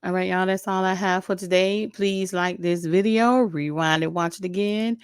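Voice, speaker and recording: A woman's voice: lowish voice, fairly even intonation, normal speed, clean tone, no room sound, clean studio sound. Blunt woman vlogger with a weak, allergy-worn voice. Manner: blunt, opinionated, chatty, talks straight to viewers. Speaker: YouTube commentary host. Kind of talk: casual commentary vlog.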